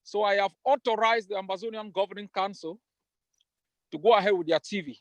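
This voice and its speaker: A man's voice: high voice, steady tone, a little fast, no echo. A man with a Cameroonian accent, a political leader giving an emphatic, defiant rallying speech over a video call. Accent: Cameroonian English. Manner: emphatic, defiant, repeats phrases for force.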